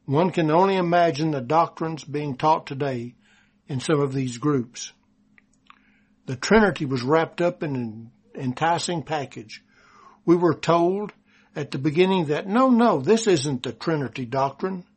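Texan male preacher, unhurried, deliberate scripture reading, husky delivery. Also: fairly high pitch, a little mellow. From Texas. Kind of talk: sermon.

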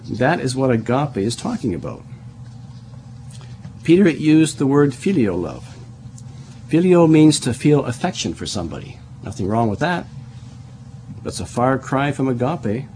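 A man's voice: mid-range voice, sing-song, a little slow, long pauses, dark tone, a little hiss or hum. A middle-aged man preaching a Bible study sermon, explaining verse by verse, spelling out words and often repeating himself as he restarts.

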